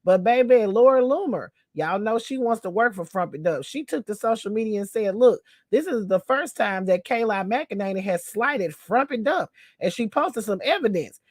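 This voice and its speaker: A woman with a mid-range, animated voice hosts a sassy news commentary show at normal speed, recorded in a clean studio with no room sound. She calls listeners "baby" and "honey," repeats a catchphrase, and laughs between remarks.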